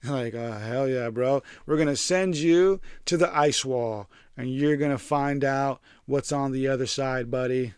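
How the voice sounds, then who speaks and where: A man's voice: mid-range voice, a little slow, hardly any pauses, a little mellow, clean tone, dry recording, clean studio sound. A man hosting, reading a scripted narration and breaking into irreverent, profane, jokey asides. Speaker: host. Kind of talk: casual commentary over a scripted narration.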